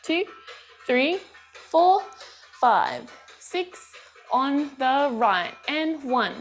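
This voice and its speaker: A woman from Australia leads a bellydance class in a slow, unhurried voice that sits a touch high. She counts beats and calls out moves with steady encouragement. Faint music plays behind her. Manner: encouraging, counts steps aloud. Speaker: bellydance teacher.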